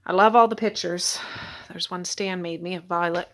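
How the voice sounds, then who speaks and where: A woman's voice: on the low side, steady tone, moderate pace, a bit bright. Chatty woman vlogging chores. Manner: chatty, talking to herself while doing chores. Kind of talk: casual vlog narration. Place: at home indoors.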